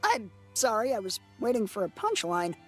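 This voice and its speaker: A woman's voice: on the high side, sing-song, normal speed, soft background music. A woman voicing a weary, sarcastic young male swordsman in a cartoon parody. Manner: dry sarcasm, exasperated.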